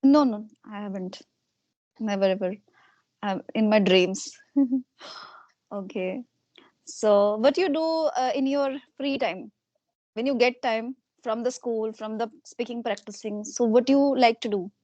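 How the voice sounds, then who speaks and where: Brief: middle-aged woman interviewer, a bit high, dry close sound, soft "okay"s. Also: a little slow, long pauses, no echo, muffled recording. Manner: soft repeated acknowledgements. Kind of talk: casual interview.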